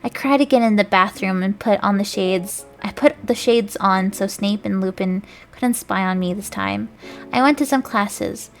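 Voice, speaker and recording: A woman's voice: medium pitch, normal speed, gravelly, faint music behind. A woman streamer reading fanfiction aloud, giggling and stumbling over the words.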